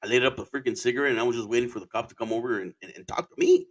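A man's voice: medium pitch, fairly even intonation, racing. A man in his thirties from Arizona, telling a casual, rambling story full of swearing and dropping into Spanish phrases. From Arizona, USA.

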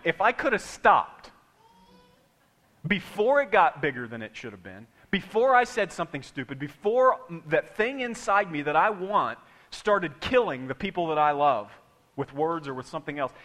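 Man, preacher, sermon, middle-aged, lively storytelling, high voice, bright tone. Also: normal speed. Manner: animated storytelling, acting out quotes.

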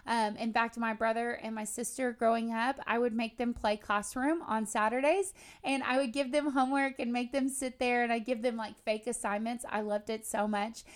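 Faith podcast host, woman in her thirties, slightly high voice, earnest and conversational. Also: fairly even intonation, normal speed, hardly any pauses. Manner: earnest, conversational, personal storytelling. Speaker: podcast host and Bible teacher.

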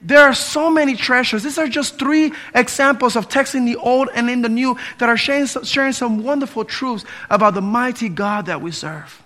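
A man in his fifties preaching a sermon as pastor, impassioned, swinging between loud appeals and hushed pleading. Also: very high-pitched, normal speed, few pauses.

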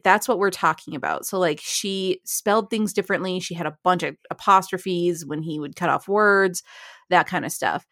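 A woman's voice: on the low side, fairly bright tone, no echo, clean studio sound. A woman co-hosting a casual writing podcast, giving firm opinions and laughing often. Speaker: podcast co-host. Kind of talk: casual chat.

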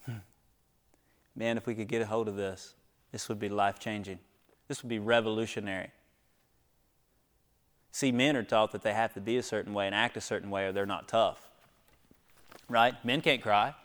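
A man preaching a sermon, swinging from hushed near-whispers to loud, high exhortations, with rhetorical questions and calls to the congregation. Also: fairly even intonation, normal speed, long pauses. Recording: long echo of a large hall.

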